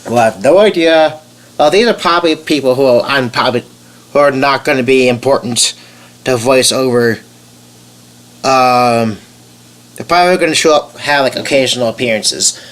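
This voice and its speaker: A man's voice: mid-range voice, normal speed, fairly bright tone. A young man with a nasal voice, casually rambling as a game voice-over YouTuber, full of fillers and restarts. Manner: hesitant, many fillers and restarts.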